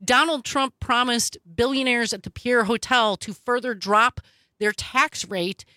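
A woman hosting political talk radio, sarcastic and animated, with quick asides. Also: fairly high pitch, no echo. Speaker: radio talk show host.

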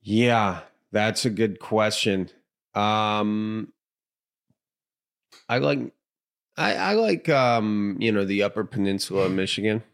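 A man's voice: lowish voice, expressive, slow pace, creaky, pauses often. A man co-hosting a podcast in a laid-back, rambling way, with lots of fillers. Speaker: podcast co-host. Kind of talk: casual chat.

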